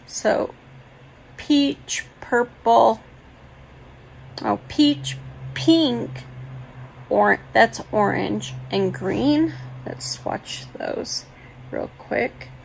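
A woman's voice: a little high, extremely slow, creaky, long pauses, a little hiss or hum, poor audio. A woman beauty vlogger chatting casually and gushing while she shows off her makeup collection. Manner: chatty, gushing over products.

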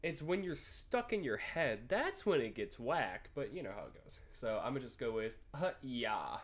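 A man's voice: mid-range voice, very animated, moderate pace. A young man casually commenting on a texting game, rambling and joking with frequent swearing and laughter. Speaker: gaming YouTuber. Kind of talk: casual let's play commentary.

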